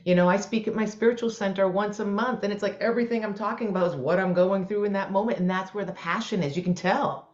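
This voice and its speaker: A woman's voice: medium pitch, quick pace, hardly any pauses. A woman co-hosting a podcast as a mindset coach, telling stories in an enthusiastic, motivational way. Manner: enthusiastic, motivational, animated storytelling. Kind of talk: casual podcast chat. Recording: roomy, dull lo-fi sound.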